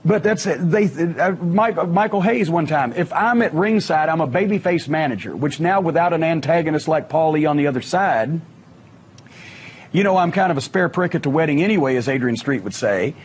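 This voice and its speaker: A middle-aged man spins a profane, animated wrestling yarn, his voice pitched high. He has a husky, breathy edge. He acts out every quote as he goes. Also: moderate pace. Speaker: wrestling manager telling stories. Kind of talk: casual storytelling on a podcast.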